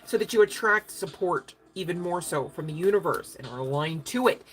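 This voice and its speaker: This tarot reader's voice sits lowish, and she talks briskly with lively intonation. Her reading is casual and spiritual, full of emphatic chatter, frequent check-ins with her audience, and offhand swearing.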